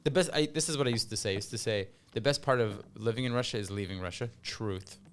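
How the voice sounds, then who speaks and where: A man's voice: lowish voice, a little hiss or hum. A man hosting a podcast, chatting casually with blunt, joking remarks. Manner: blunt and joking, with quick wisecracks. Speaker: podcast host.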